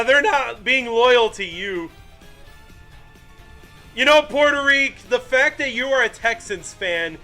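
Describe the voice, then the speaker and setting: A young man with a high, bright, forceful voice delivers live fan commentary on a football game. He talks in an unhurried way, self-mocking and excitable, and faint music plays behind him. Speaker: streamer doing game commentary.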